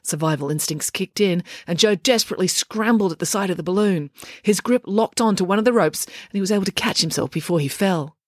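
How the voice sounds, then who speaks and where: A woman, narrating a children's audiobook in an expressive storytelling manner. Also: medium pitch, a little fast, no room sound, clean studio sound. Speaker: author and narrator.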